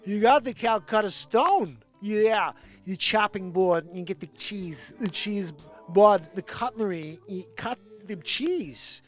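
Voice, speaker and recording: A man doing an impression of a celebrity as a realtor, giving a house tour with halting, oddly stressed phrasing. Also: sits high, animated, soft background music. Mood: showy. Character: middle-aged male realtor, slow odd celebrity cadence.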